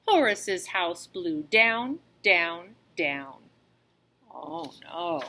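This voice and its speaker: A woman reading a children's storybook aloud in an expressive, animated way, as a teacher. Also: lowish voice, extremely slow.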